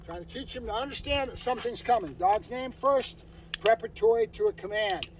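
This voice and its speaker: A man's voice: high voice, fairly quick. A man teaching dog training outdoors in an emphatic, informal way, often checking in with "right?". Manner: emphatic, keeps asking "right?". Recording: distant outdoor audio with faint traffic.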